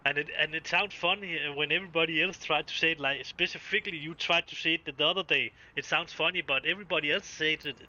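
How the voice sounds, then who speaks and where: A Danish-accented man chatting on his live stream, his voice bright and edged, pitched a little above the usual. He swears freely and keeps breaking off to restart his sentences, all through a dull, lo-fi mic. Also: quick pace, few pauses. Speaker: game streamer. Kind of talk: casual live-stream chat.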